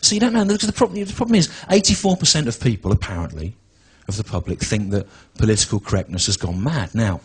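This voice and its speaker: Bloke in his 40s doing standup, dry and halting, kind of husky. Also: lowish voice, low-quality recording. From England. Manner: deadpan, halting, full of restarts and asides. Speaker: stand-up comedian. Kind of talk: stand-up comedy routine. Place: comedy venue with a live audience.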